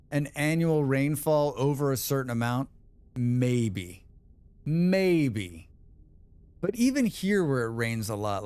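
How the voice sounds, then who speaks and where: This livestream gamer has a slightly high, darkish voice that sounds clear and resonant, recorded dry. While playing, he reads chat casually and replies with opinionated tangents that ramble on.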